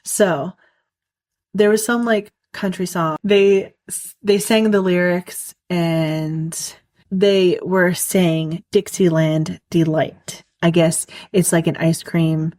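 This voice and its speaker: A woman's voice: on the low side, steady tone, takes it slowly, a little mellow, no echo. Rambling, giggly woman podcaster, dry close mic. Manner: rambling, giggly, many "like" fillers. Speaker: podcast host. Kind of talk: casual solo podcast monologue.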